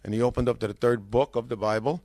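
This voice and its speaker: A man telling his own conversion story in a lively way, acting out what people said to him, with frequent restarts. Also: medium pitch, fast talker, no echo. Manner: animated, acts out quoted dialogue, frequent restarts. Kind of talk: personal testimony, storytelling.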